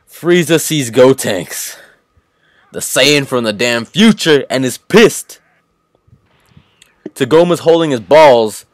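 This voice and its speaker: A man hosting a reaction channel, giving an excited, profane recap of an anime episode and repeating his exclamations. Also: medium pitch, no room sound. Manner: hyped, swears often, repeats exclamations.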